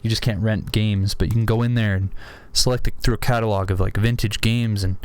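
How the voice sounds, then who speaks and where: A man's voice: lowish voice, steady tone, brisk, clear, resonant tone, dry recording. A young man with a sore throat, rambling casually at his desk about items he collects, full of restarts and fillers. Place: home room at a desk.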